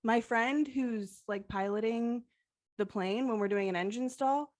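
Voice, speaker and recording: A woman's voice: on the high side, unhurried, darkish tone. A young adult woman co-hosting a podcast, retelling a personal story in a heartfelt way and leaning on the filler "like". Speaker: podcast co-host.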